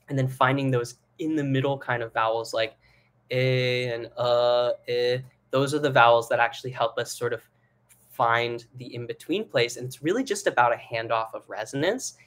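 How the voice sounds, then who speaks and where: A young male singing teacher with a mid-pitched voice runs a live online lesson, explaining things in a relaxed, rambling way full of fillers. He breaks into sung and head-voice demonstrations along the way.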